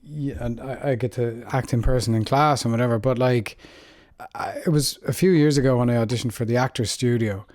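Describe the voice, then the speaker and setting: A man's voice: mid-range voice, fairly quick, darkish tone, no room sound, studio quality. A man, an actor co-hosting a podcast, chatting in an easygoing, hesitant way with many restarts. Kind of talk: casual chat.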